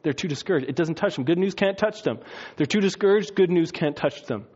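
A man preaching a lively sermon, swinging between loud excitement and hushed, quiet passages. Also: fairly high pitch, brisk, husky. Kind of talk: lively sermon with acted-out quotes. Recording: dull lo-fi sound.

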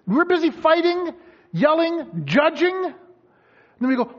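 A man's voice: extremely high pitch, moderate pace, pauses often. A man preaching a sermon, acting out voices of people he quotes. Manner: animated, acts out quoted voices. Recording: dull lo-fi sound.

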